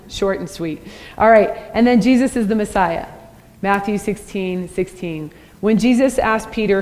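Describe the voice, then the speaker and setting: A woman's voice: mid-range voice, measured pace, darkish tone. A woman giving a conversational church teaching, often checking in with the audience by asking "right?". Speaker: Christian apologetics teacher. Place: church hall. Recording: long hall reverb.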